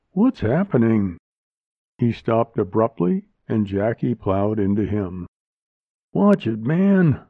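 A man reads a story aloud in a slow, measured voice that sits low. The sound is thin and tinny like a phone line, and dry with no room around it. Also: dry recording. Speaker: narrator. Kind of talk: audiobook reading.

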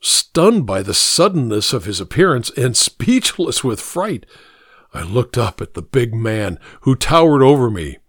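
A man reading a first-person suspense story aloud in a measured, dramatic way. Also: mid-range voice, very animated, husky, no echo, clean studio sound. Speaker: narrator.

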